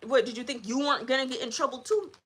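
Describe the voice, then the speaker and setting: A woman voicing a nervous dark spirit that protests and refuses to go after someone, in quick flustered denials. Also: high-pitched, pitched above the performer's own voice. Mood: indignant.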